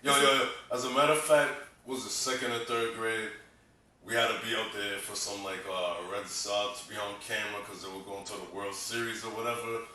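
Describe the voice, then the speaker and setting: A man's voice: on the low side, steady tone, fairly quick, bright, forceful tone, slight background noise. A man from Massachusetts co-hosting a casual podcast as a comedian, blunt and opinionated, swearing a lot. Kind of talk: casual chat. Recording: echoey room, distant mic.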